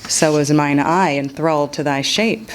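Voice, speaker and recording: A woman's voice: sits low, normal speed, a little hiss or hum, close to an everyday voice. A woman voicing a charming young Englishman who teases playfully, reading a novel excerpt aloud. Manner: teasing, theatrical banter.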